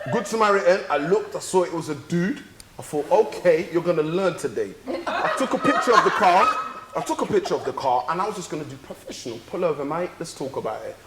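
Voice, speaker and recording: Animated man. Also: on the high side, a little hiss or hum. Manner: animated, swearing, acts out dialogue. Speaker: podcast co-host. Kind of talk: casual chat, storytelling. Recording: echoey room.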